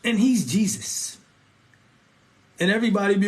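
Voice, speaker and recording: A man's voice: sits high, normal speed, pauses often. A young man giving a casual, slangy preaching monologue on faith and relationships, often asking listeners if they feel him. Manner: animated, conversational, slangy, keeps asking "you feel me". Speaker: Christian vlogger.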